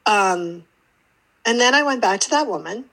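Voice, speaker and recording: Woman, podcast guest, casual storytelling, animated, acts out dialogue. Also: medium pitch, moderate pace, low-quality recording. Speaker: podcast guest, intuitive teacher.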